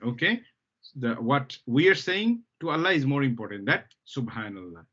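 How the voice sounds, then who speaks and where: A male Arabic teacher runs a lesson at a steady middle pitch. He explains patiently, repeats the key words and keeps stopping to ask if everyone follows. The sound is dull and lo-fi. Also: moderate pace. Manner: patient, repeats key terms, checks understanding with "okay?". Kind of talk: live language lesson.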